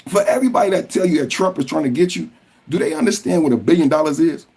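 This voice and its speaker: Husky, impassioned male podcast host. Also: a little high, very animated, fast. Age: adult with a school-age son. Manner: impassioned, profane, rising to shouts. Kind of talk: political commentary podcast.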